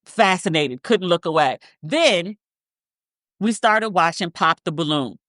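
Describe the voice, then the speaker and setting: A woman's voice: fairly low pitch, animated, measured pace, fairly bright tone, no echo, clean studio sound. A woman in her thirties co-hosting a podcast in casual chat, telling a story with lots of restarts and tangents. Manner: rambling, self-interrupting storyteller with frequent restarts. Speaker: podcast co-host.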